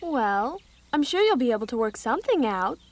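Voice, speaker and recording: A woman's voice: a little high, very animated, normal speed. A woman voicing Joe, a bookish, hot-tempered teenage girl in a dubbed cartoon. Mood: teasing.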